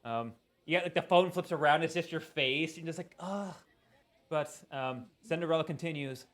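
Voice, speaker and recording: A man narrating a tabletop role-playing game as its game master. He talks casually with plenty of fillers and easy laughter, and his voice sits a little higher than most men's. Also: a little fast, fairly bright tone.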